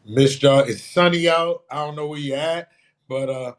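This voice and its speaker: A man co-hosting a podcast from his sunroom, talking loosely and animatedly and shouting out his chat. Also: on the high side, moderate pace. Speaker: podcast co-host. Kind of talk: casual chat. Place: sunroom at home.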